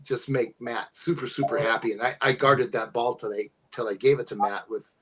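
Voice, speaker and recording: An older man, a podcast guest, telling personal stories in casual talk, unhurried and halting with many fillers. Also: mid-range voice, fairly even intonation, a bit bright, husky, poor audio. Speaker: guest, host's father. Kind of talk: casual storytelling.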